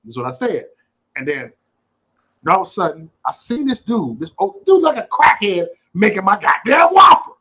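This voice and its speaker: A man hosting a casual livestream, telling a story in an animated, profane way and acting out the quotes. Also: high-pitched, moderate pace, slightly rough, poor audio. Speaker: host.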